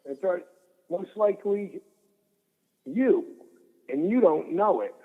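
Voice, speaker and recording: A middle-aged man telling stories as a guest in an interview, animated and swearing freely. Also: high voice, slow, big-room sound, narrow, tinny audio. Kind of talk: storytelling interview.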